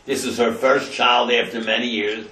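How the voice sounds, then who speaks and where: A man's voice: medium pitch, fairly even intonation, normal speed, sharp tone, echoey room, recorded from a distance, poor audio. A man, a rabbi, telling a story in a class and translating Hebrew phrases into English with dramatic emphasis.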